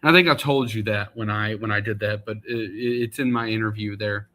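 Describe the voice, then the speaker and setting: A man's voice: lowish voice, brisk, a bit bright, a little hiss or hum. A man in casual podcast chat, quizzing the host with trivia facts.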